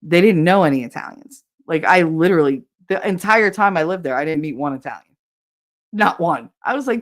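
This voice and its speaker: Brief: woman host with a New Jersey accent, a low-pitched voice, loose casual chat that gets animated and exasperated, with swearing. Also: a little fast. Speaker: podcast host reading live chat.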